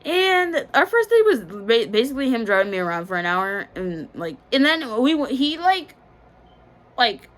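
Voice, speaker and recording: A young woman speaking with a fairly high voice. She tells a storytime vlog in a candid, blunt, slangy way, often laughing between lines. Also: big pitch swings, moderate pace, a bit bright. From Bahamas. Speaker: vlogger.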